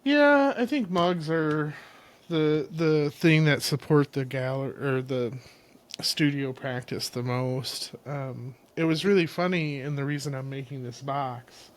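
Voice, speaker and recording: A man's voice: on the high side, a little slow. A man from Illinois, a ceramic artist guest, chatting casually and acting out the people in his stories. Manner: animated storyteller, acts out quotes. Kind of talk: casual chat.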